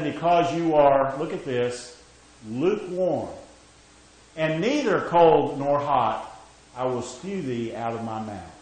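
A man preaching in a strongly echoing space, his voice a little higher than most men's. He delivers slowly and deliberately, pressing key words and pausing to check in with his listeners. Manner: emphatic, rising and falling, frequent "okay?" check-ins. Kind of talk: sermon.

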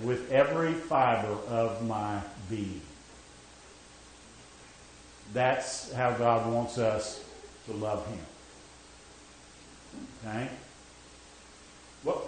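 A man's voice: medium pitch, a little mellow, very echoey, slight background noise, poor audio. A man preaching a sermon, emphatic, checking in with his listeners with "okay?" as he goes. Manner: emphatic, rising and falling, frequent "okay?" check-ins.

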